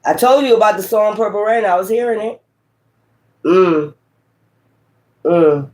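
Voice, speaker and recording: A man with a high voice gives a loose, profane spiritual reading. He speaks straight to his viewers with emphasis and keeps tossing in "right?" and "okay?" as he goes. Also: lively intonation, a little slow, darkish tone. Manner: frequent rhetorical tag questions. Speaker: tarot reader.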